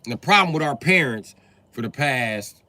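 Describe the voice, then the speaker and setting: A man doing a profane comedy rant on a live stream, breaking into put-on voices. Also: moderate pace. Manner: profane, animated, acts out voices with big pitch jumps.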